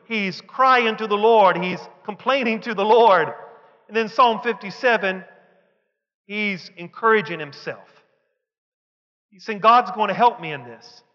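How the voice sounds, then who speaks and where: A man preaching in a church, his voice high and bright as he reads psalms with slow emphasis and rises to fervent shouts. The sound is dull and lo-fi. It carries a long hall reverb. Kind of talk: sermon reading psalms with commentary.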